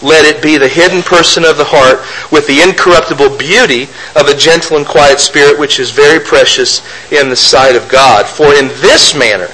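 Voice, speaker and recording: A man's voice: fairly high pitch, normal speed, hardly any pauses, sharp tone, low-quality recording. A man preaching a sermon, reading scripture aloud and then explaining it with rhetorical questions. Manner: mocks opponents' arguments in a raised voice.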